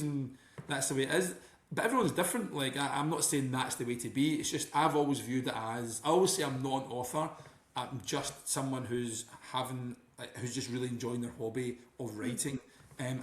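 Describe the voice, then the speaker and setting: A Scottish man talking casually as a podcast guest, rambling and often restarting his sentences. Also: medium pitch. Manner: rambling, many restarts and "you know". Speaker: guest author and teacher. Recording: roomy echo.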